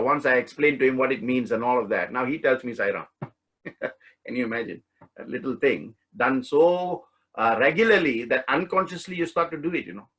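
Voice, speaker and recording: A man teaching an online spiritual study course, telling a story in a relaxed way and laughing often. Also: mid-range voice, slightly rough, low-quality recording. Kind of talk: storytelling talk. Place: online class session.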